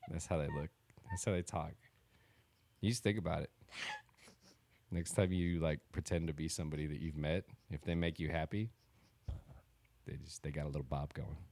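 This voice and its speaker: A man's voice: a bass voice, fairly even intonation, normal speed, long pauses, darkish tone. A man co-hosting a podcast in casual chat, teasing and blunt, swearing casually. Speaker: podcast co-host.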